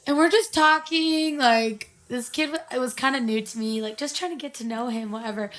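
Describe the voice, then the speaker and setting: A woman's voice: high-pitched, fairly quick, a bit bright. A woman in her twenties co-hosting a casual podcast, telling stories full of "like" fillers. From Arizona. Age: 20s. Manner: filler-heavy storytelling, lots of "like". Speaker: podcast co-host. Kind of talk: casual chat.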